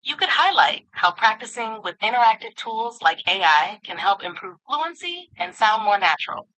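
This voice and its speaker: Bright, upbeat AI assistant woman. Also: mid-range voice, sing-song, moderate pace, rough recording. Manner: upbeat, affirming, polished. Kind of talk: synthetic conversational assistant speech.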